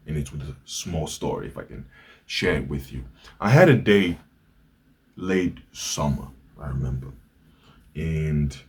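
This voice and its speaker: Husky low-voiced man musing earnestly. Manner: earnest, storytelling, rhetorical questions. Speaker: vlogger. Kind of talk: reflective monologue. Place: indoors, Hamburg.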